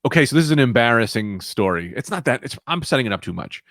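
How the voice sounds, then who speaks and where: A man's voice: medium pitch, fast talker, no room sound. Guy on a podcast telling a dumb story about himself, voice jumps all over, dry sound. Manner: animated, self-mocking storyteller. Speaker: podcast co-host. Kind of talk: casual storytelling chat.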